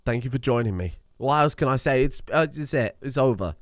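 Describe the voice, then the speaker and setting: A young man talks through his strategy game as he plays, muttering to himself and swearing as things go wrong. His voice sits at an ordinary middle pitch. The recording is close and dry, with no room sound around him. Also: expressive, fairly quick, dry recording. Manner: talks to himself while playing, swearing and exasperated. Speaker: let's play streamer. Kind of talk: live gameplay commentary.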